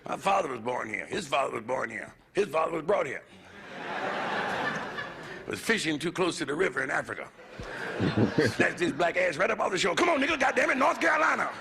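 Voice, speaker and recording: A gravelly American comedian working a club crowd with a brash, profane swagger. His pitch swings widely as he talks, sitting a touch higher than most men's. It comes through a hissy old 1970s live concert recording. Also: expressive, moderate pace, pauses often. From United States. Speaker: stand-up comedian. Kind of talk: live stand-up routine.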